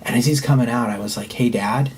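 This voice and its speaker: A man who is a podcast guest, telling a candid personal story in an earnest, halting way and swearing when heated. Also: medium pitch, darkish tone, slight background noise.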